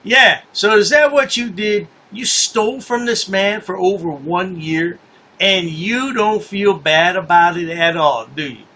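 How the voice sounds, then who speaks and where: Sarcastic man with a bright, higher voice. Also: measured pace, slight background noise. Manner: sarcastic, scornful, repeats himself for effect. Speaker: commentary channel host. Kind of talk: mocking commentary on news clips.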